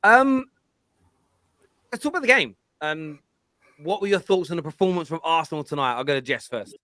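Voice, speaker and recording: A man's voice: fairly high pitch, moderate pace, no echo, clean studio sound. Blunt London man hosting a fan show. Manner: animated, blunt banter. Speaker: host of a football fan show. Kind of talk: live chat show rant.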